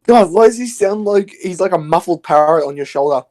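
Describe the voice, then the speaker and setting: A man's voice: high-pitched, lively intonation, a little fast, darkish tone. A man chatting on a game stream, teasing his friend in a mock-menacing way. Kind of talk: casual let's play chat.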